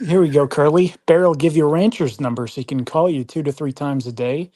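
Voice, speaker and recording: A man's voice: a little high, steady tone, brisk, warm tone. A man hosting a livestream, teasing his guests and laughing often as he reads the chat. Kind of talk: casual stream chat.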